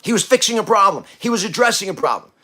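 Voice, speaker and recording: A man hosting a podcast, giving a blunt motivational talk that swings from quiet to loud, with coarse language. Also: high voice, animated, quick pace. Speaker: podcast host.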